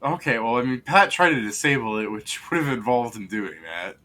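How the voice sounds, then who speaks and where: A man's voice: mid-range voice, expressive, fairly quick, crowd noise. A man running a tabletop game as game master, dry and teasing, stopping to ask his players questions.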